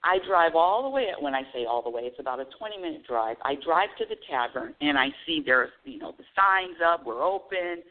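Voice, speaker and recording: A woman radio show host telling a casual, animated story about her week, with bursts of high excited squeals. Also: fairly quick, hardly any pauses. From United States. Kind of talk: casual spiritual talk monologue. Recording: tinny phone-line audio.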